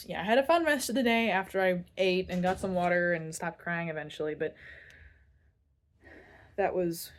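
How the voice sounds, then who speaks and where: A young woman vlogger telling a personal story in a candid, self-deprecating way, rambling a little and restarting her sentences. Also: lowish voice.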